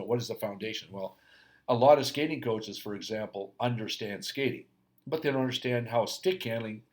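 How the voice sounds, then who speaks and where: A middle-aged man, a hockey skills coach, giving an earnest, rambling solo rant that restarts mid-sentence. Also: mid-range voice.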